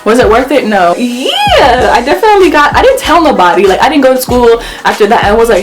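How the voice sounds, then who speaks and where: A young woman telling a story on her vlog, animated and swearing as she acts out the quotes. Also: fairly high pitch, quick pace, hardly any pauses, faint music behind. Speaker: vlogger.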